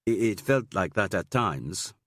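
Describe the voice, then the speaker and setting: A man's voice: lowish voice, animated, unhurried, fairly bright tone, no echo, studio quality. A man voicing an offhand young woman student with a slight Spanish accent, talking casually with lots of "like".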